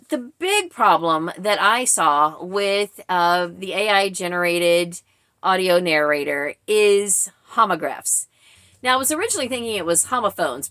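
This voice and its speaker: A woman's voice: mid-range voice, fairly bright tone, dry recording. Chatty woman in her forties, dry sound. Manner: chatty, explanatory, with frequent fillers. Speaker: book reviewer. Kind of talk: casual vlog commentary.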